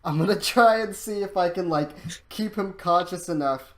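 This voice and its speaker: A man's voice: high voice, moderate pace, slight background noise. A man playing a tabletop game who talks casually with many fillers and swears freely. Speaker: player.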